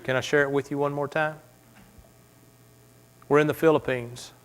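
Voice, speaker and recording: Pastor guy preaching in church, bit high voice, goes quiet then loud, dramatic storytelling. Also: fairly even intonation, normal speed, smooth. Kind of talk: sermon.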